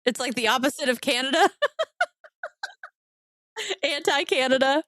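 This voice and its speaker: A high-pitched woman from the Midwest who co-hosts a podcast and giggles often. She talks with enthusiasm and exaggerates for fun, recorded on a close, dry mic. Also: a little slow, a bit bright, no echo. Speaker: podcast co-host. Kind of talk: casual podcast chat.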